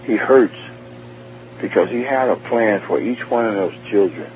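As a guest, a man tells his near-death story with heartfelt emotion, repeatedly restarting and repeating phrases. His lowish voice is animated but measured in pace, coming through a tinny phone line with faint hum.

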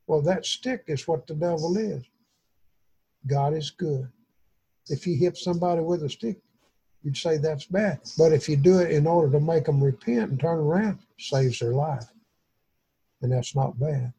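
A man's voice: on the high side, normal speed, warm tone, breathy edge, rough recording. A man leading an informal Bible study, teaching in a folksy, rambling way. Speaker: pastor.

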